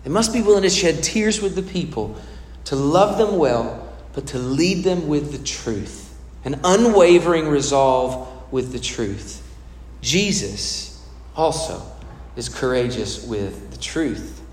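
A pastor preaching a sermon in a conversational way, putting questions to the congregation. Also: male voice, a little high, lively intonation, takes it slowly. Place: church hall. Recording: echoey hall with long reverb.

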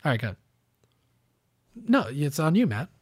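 A young man hosts a casual podcast chat, full of sarcastic jokes and quick laughs. His voice sits a little high. The sound is dry and close to the mic. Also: very animated, breathy edge, no echo. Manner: joking and sarcastic, laughs often. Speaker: podcast host.

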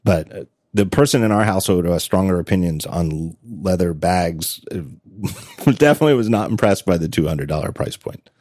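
Deep-voiced chatty man, lively pitch. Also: brisk, no room sound, studio quality. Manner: chatty, self-correcting, laughs often while telling stories. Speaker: podcast host. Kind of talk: casual chat.

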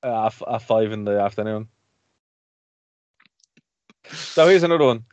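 A man's voice: lowish voice, lively intonation, a little slow, a little mellow, no room sound. A man hosting a radio and podcast show, chatting casually, rambling and laughing often. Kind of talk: casual chat.

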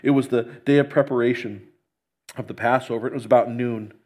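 A man's voice: medium pitch, fairly even intonation, fairly quick, darkish tone. A male pastor praying and then reading scripture aloud in an earnest, emphatic way. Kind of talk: sermon with prayer and scripture reading.

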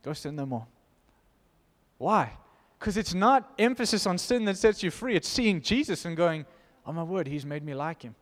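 Animated preacher man, reverberant hall. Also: sits high, normal speed, hardly any pauses. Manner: animated, emphatic, laughs between points. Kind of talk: informal sermon with scripture reading.

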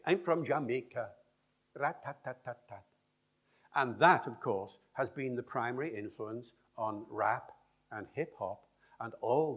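A man's voice: mid-range voice, breathy edge. A man giving a public lecture on language, acting out speech rhythms as he talks. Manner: demonstrates speech rhythms aloud.

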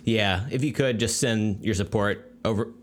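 A man's voice: lowish voice, moderate pace. A man co-hosting a podcast in casual, playful chat, joking and slipping into voices. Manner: playful, jokes and slips into voices. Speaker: podcast co-host.

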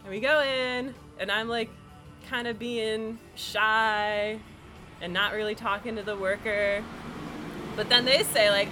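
A woman from New York telling a personal story as an interview guest, animated and full of "like" fillers. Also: mid-range voice, measured pace, music in the background. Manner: animated, filler-heavy with lots of "like". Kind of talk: casual storytelling.

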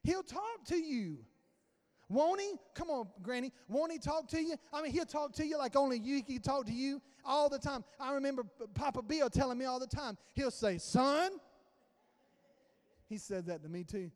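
A man's voice: extremely high pitch, animated, brisk, hardly any pauses, in a large hall. A male pastor preaching a conversational sermon and acting out little dialogues. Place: church sanctuary.

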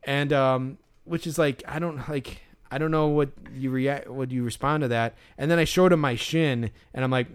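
Man, podcast co-host, rambling story, smooth resonant voice. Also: medium pitch, fairly even intonation, normal speed, hardly any pauses. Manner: rambling storyteller, many fillers and restarts. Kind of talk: casual chat.

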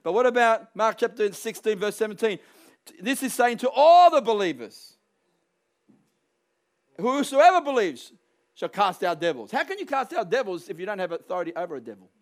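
A man preaching a sermon, emphatic and building to forceful peaks, acting out quoted voices along the way. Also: high-pitched, big pitch swings, fast.

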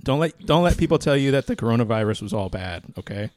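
A man's voice: medium pitch, animated, fast talker, darkish tone, no echo. A man co-hosting a podcast in casual chat, laid-back, sometimes arguing his points in a mock-formal way. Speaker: podcast co-host.

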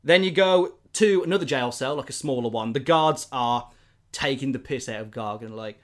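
A man's voice: medium pitch, moderate pace. A man, casually and animatedly retelling a film plot, rambling with lots of fillers.

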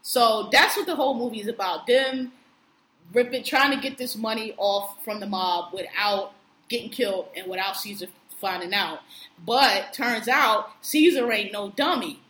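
A woman's voice: mid-range voice, normal speed, fairly bright tone. A woman casually retelling a film's plot, acting out the characters' lines with plenty of swearing. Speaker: podcast co-host recapping a film. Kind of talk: casual storytelling chat. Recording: echoey room with faint noise.

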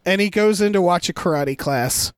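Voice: medium pitch, normal speed, smooth, dry recording. Co-host, mid-range voice, rambling film talk, dry close sound. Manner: rambling, many fillers and restarts. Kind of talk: casual chat reviewing a film.

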